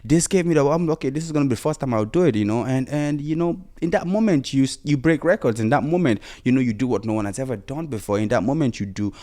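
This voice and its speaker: A man's warm, mid-range voice comes fast, with hardly any pauses, as he hosts a solo motivational podcast. Casual but insistent, he urges listeners by repeating himself and dropping in "you know."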